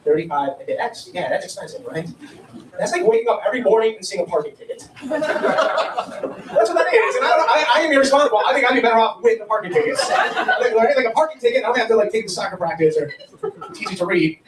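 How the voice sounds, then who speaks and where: A high, lively man from Ohio tells his stand-up stories in a rambling way and laughs along with his own jokes. He sounds a little far from the mic in a roomy, echoing venue. There is steady noise behind him. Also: fast, a crowd in the background. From Ohio, USA. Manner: rambling storytelling with frequent laughs. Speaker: stand-up comedian. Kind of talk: stand-up comedy set. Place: comedy club stage with audience. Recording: roomy, distant live venue recording.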